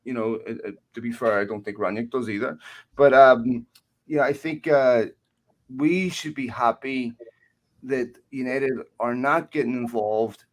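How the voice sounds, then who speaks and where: A man's voice: mid-range voice, measured pace, rough recording. A man on a live football fan panel with an ordinary mid-range voice. He talks in a chatty, rambling way, addresses the other panelists directly and laughs along with his own stories. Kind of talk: live online football talk.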